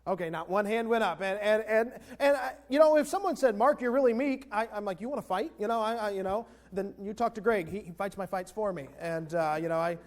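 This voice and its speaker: Male pastor, fairly high voice, relaxed conversational sermon with congregation responses. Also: fairly quick, hardly any pauses. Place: church sanctuary.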